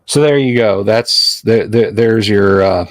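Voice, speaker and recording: A man's voice: fairly low pitch, measured pace, dry recording. Chatty male livestream host. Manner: chatty, rambling, jokey, answers chat. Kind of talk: casual livestream chat.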